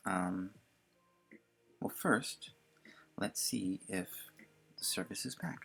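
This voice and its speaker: Gravelly, husky-voiced man muttering on stream. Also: low voice, slow, faint music behind. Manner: muttering to himself while testing software. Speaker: live streamer. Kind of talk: casual live-stream chat.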